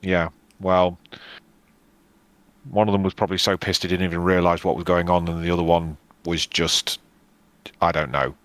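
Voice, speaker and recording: Low-voiced man playing a tabletop game. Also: little pitch movement, fairly bright tone, dry recording. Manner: casual, quick to laugh. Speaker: player. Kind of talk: casual chat in a tabletop game.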